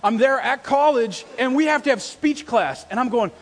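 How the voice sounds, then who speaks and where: Male pastor, higher voice, sermon in a reverberant church, humorous storyteller. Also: moderate pace. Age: adult with a wife, past graduate study. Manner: lively storytelling with self-deprecating humor. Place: church sanctuary. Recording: long reverb of a church hall.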